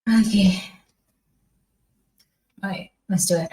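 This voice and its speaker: A British woman from the United Kingdom vlogging a spicy food challenge, reading trivia aloud in a slow, halting way. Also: mid-range voice, steady tone, dark tone. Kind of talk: casual vlog talk, reading trivia aloud. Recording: echoey room.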